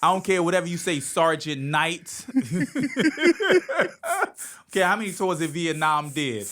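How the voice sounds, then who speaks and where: A man's voice: unhurried, sharp tone, a little hiss or hum. A man voicing a fierce, protective mother who brushes off military authority. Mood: defiant. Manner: shrill, defiant, brushing off authority.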